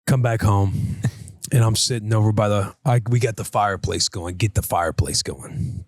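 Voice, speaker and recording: A man's voice: lowish voice, moderate pace, no room sound. A chatty male podcast host, dry studio sound. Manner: animated storytelling with voiced quotes. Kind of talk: casual chat.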